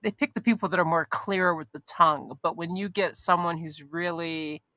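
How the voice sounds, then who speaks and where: A woman's voice: fairly low pitch, normal speed, bright, forceful tone, no echo. A woman hosting an interview podcast who asks rambling questions and searches for her words. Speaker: podcast host. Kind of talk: casual interview chat.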